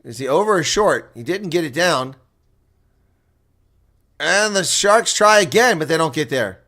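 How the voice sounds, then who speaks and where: A man giving live play-by-play rugby commentary as a solo reaction streamer, talking casually and getting louder and more worked up when attacks build near the try line. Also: fairly high pitch, measured pace. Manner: excitable, rising to near shouting on attacking plays.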